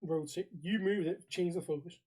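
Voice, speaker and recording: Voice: mid-range voice, steady tone, normal speed, dark tone, slight background noise. Blunt podcast co-host. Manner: blunt, swears freely, tells stories with quoted dialogue. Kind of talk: casual ranting chat.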